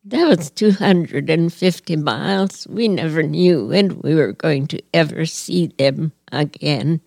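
An older woman from Hawaii slowly telling a personal story from her childhood, with an earnest, gently reflective manner. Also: sits low, gravelly, dry recording, studio quality. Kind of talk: personal reminiscence.

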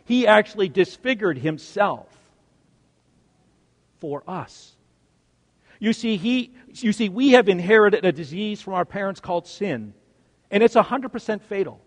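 High-voiced preacher in an echoing church. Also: male voice. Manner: dramatic swings from loud emphasis to hushed quiet. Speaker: pastor. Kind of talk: sermon.

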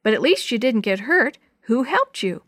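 A woman's voice: on the high side, big pitch swings, moderate pace, a bit bright, no echo, clean studio sound. A woman voicing a caring but bossy older girl in a storybook.

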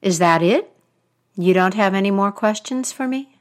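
Woman doing a sharp old witch. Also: medium pitch, moderate pace, close to an everyday voice. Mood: stern. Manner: sharp and commanding.

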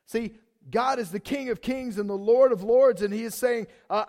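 High-voiced man preaching a casual sermon. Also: normal speed, vocal fry. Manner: conversational, animated, asks the congregation questions. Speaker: pastor.

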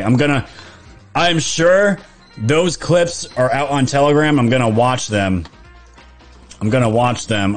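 A man, chatting casually on a live stream, reading viewer comments, laughing often and restarting his sentences. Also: mid-range voice. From New York.

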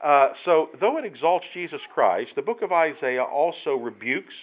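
A man's voice: a little high, very animated, normal speed. Earnest preacher man, dull recording. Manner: earnest, emphatic, rising to loud exclamations. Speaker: pastor. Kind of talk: sermon.

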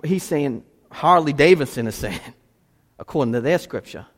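A male pastor delivers a sermon in a church, his voice a touch higher than most men's. The sanctuary gives every phrase a long, lingering reverb. He moves between hushed, drawn-out moments and loud, animated bursts.

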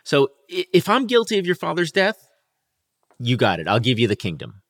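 A man's voice: medium pitch, expressive, moderate pace, gravelly, fairly bright tone, dry recording, studio quality. A man co-hosting a casual podcast, switching between swearing banter and dramatic readings of old verse. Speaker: podcast co-host. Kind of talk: casual chat with read-aloud lines.

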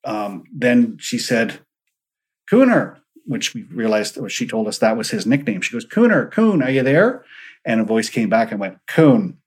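A man's voice: fairly low pitch, normal speed, few pauses, a little mellow, breathy edge, poor audio. A man, a paranormal investigator, earnestly recounting his investigations in an interview and acting out the dialogue he quotes.

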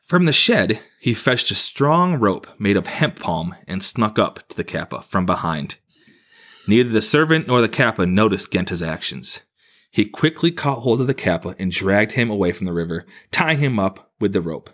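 A man's voice: lowish voice, very animated, normal speed, fairly bright tone. A man reading a folktale aloud to friends, with restarts and casual asides. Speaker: storyteller.

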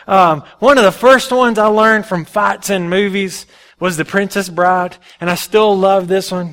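A male pastor preaching a sermon in an animated, folksy storytelling way. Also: sits high, normal speed.

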